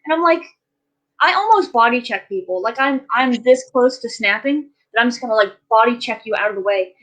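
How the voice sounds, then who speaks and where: A woman's voice: fairly high pitch, lively intonation, brisk, fairly bright tone, poor audio. A woman telling stories in a casual chat, ranting animatedly with lots of fillers.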